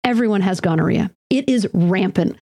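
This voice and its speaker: A woman's voice: medium pitch, normal speed, a little mellow, husky, no echo. Woman, podcast co-host, casual storytelling, laughs often, dry close sound. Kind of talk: casual comedic chat.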